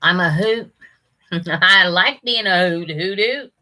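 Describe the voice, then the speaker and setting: A woman's voice: on the low side, takes it slowly, pushed and bright. An older woman hosting a casual live stream, chatting with viewers and greeting them by name, often laughing.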